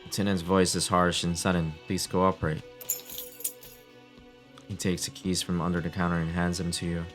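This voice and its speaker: A deep-voiced man reads the narration of a video game aloud as he plays. He delivers it plainly and sounds amused, with quiet music playing underneath. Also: level tone, fast talker. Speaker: gameplay streamer. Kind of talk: reading game text aloud and commenting.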